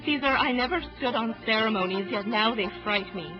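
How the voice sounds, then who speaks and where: A woman's voice: a little high, a little fast, natural voice. A woman playing an impassioned Roman noblewoman. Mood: fearful. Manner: earnest, impassioned verse delivery. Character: noble Roman wife, pleading and fearful. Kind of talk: Shakespeare audio drama. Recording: dull lo-fi audio under music.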